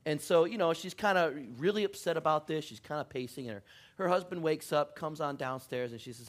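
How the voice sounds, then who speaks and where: A man's voice: on the high side, brisk. Man, middle-aged, pastor, casual sermon, self-deprecating humor, frequent laughs, church setting. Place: church sanctuary.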